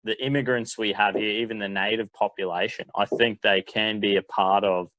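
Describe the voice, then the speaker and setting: A man's voice: fairly low pitch, fairly even intonation, normal speed, a bit bright, no room sound, low-quality recording. Rambling casual man, dry sound. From New Zealand. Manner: casual, rambling, laughs easily. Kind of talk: casual panel debate.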